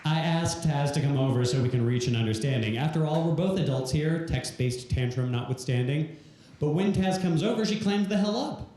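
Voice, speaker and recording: Comic telling a story in rhyme, roomy echo. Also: male voice, a little high, brisk, dark tone. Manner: delivers story in rhymed verse. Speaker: stand-up comedian. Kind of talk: rhyming stand-up comedy. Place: live comedy venue stage. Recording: echoey live venue room.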